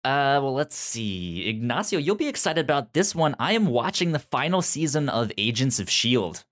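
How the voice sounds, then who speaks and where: A man hosting a casual video game podcast, talking in halting bursts with many restarts and frequent laughs. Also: medium pitch, sing-song, a bit bright. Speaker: podcast host. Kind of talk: casual chat.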